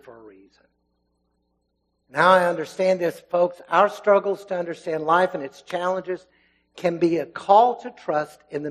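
A man preaching to a church congregation in a high, animated voice. He swings from loud emphasis to hushed asides and acts out the voices of the people in his story. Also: poor audio. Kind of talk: sermon.

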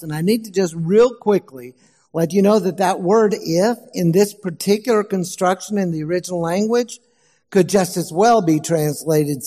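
A man preaching a sermon as pastor, slow and emphatic, asking the congregation questions. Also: high-pitched, a little mellow, in a large hall.

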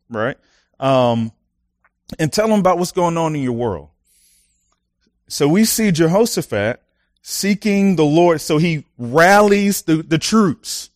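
A young man gives a sermon in a loose, chatty way, full of asides and personal stories. His voice sits a little high and turns animated as he talks. The sound is dry and close. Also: no room sound. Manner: conversational, many fillers and personal stories; animated, laughs often. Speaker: preacher.

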